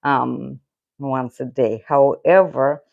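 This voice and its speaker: A woman's voice: a bass voice, takes it slowly, gravelly, narrow, tinny audio. A middle-aged woman with a Russian accent, chatting casually and rambling on a live stream. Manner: rambling, talks to her cat and viewers. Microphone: loose clip-on mic.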